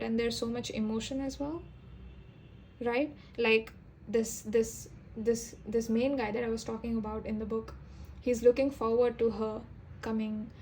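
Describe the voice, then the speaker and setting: A young woman doing a casual tarot reading, rambling and halting, often restarting her sentences. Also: a little high, mellow, slight background noise. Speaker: tarot reader.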